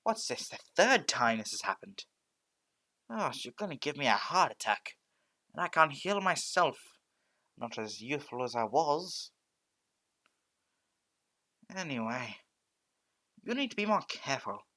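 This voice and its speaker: A man's voice: mid-range voice, big pitch swings, a little slow, pauses often, bright, forceful tone, pitched above the performer's own voice, full character voice. A man voicing a fussy old woman healer in a fan story reading, scolding and fussing over a patient.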